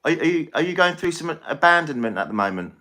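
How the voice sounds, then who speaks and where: A man's voice: on the high side, sing-song, fast talker, pushed and bright. A man giving a live-stream tarot reading, chatty and reassuring, often repeating himself. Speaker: tarot reader.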